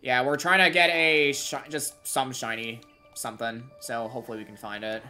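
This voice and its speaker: Low-voiced woman streaming a game. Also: normal speed, soft background music. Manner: excitable, gamer slang, chats with viewers. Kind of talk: live gameplay streaming chat.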